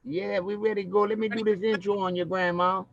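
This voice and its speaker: A man hosting a virtual concert, casually introducing a guest and slowing down for emphasis, heard over a dull, dry video-call line. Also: high voice, creaky. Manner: relaxed, slows down for emphasis.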